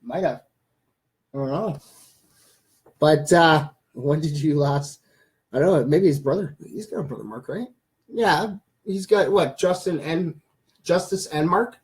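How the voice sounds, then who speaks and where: Casting: young man, rambling livestream host, voice pitched a touch high. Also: measured pace, pauses often. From Canada. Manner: rambling, chatty, reads viewer comments aloud. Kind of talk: casual livestream chat.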